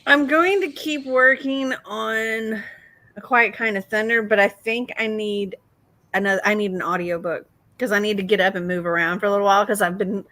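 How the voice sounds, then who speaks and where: A woman's voice: medium pitch, steady tone, moderate pace, sharp tone, rough recording. A woman chatting casually on a video call, friendly and giggly. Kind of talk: casual chat.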